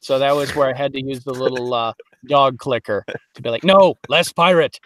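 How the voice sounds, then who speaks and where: A man from Detroit, a voice actor guest on a podcast, telling lively stories in casual chat and slipping into quick voices. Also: mid-range voice. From Detroit, Michigan. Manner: animated storyteller, slips into quick voices.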